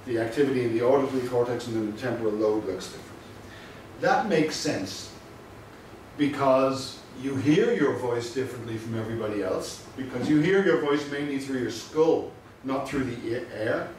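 A male lecturer giving a university lecture, measured and explanatory, stressing his key points. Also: mid-range voice, a little mellow. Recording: very echoey room from a distant mic with faint noise.

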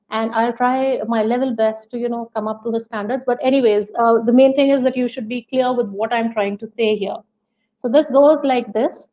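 A woman's voice: high voice, dull audio. A woman, a teacher trainer, giving a webinar lecture, explaining patiently with fillers and restarts. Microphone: video call.

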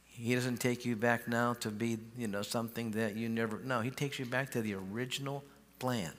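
A man's voice: mid-range voice, steady tone, normal speed, a bit bright. A male pastor preaching a sermon in a large church, folksy and conversational, often repeating his starts. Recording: long church hall reverb.

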